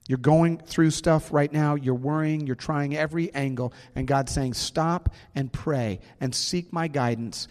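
Pastor preaching in a reverberant church. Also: male voice, fairly high pitch, a little mellow. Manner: earnest, slows down for emphasis. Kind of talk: sermon. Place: church sanctuary. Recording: long hall reverb, faint music.

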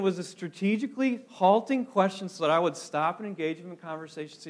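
Casting: high-pitched male pastor from Minnesota, animated storyteller, sermon in a church. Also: fast, hardly any pauses. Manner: animated storytelling with repeated restarts.

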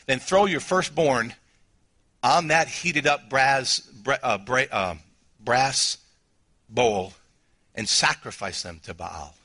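A middle-aged man with a Southern US accent preaching a sermon as pastor, emotional, swinging from quiet, low passages to near shouting. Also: slow pace.

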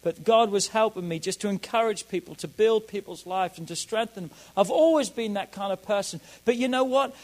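A man preaching a sermon as a pastor, emphatic and repeating key phrases, swinging between loud declarations and soft asides. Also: very high voice, poor audio.

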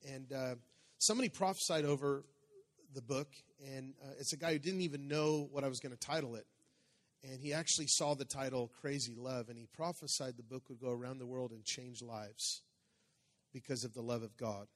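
A middle-aged pastor preaches conversationally, his voice medium-pitched, fairly even and a little fast. He calls out to the congregation and cracks jokes along the way.

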